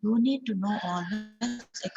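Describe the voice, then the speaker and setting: A woman's voice: mid-range voice, vocal fry, warm tone, dull audio, faint music behind. A woman with an Indian English accent teaching an online English class, repeating points and checking in with "okay". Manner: slow, repetitive, frequent "okay".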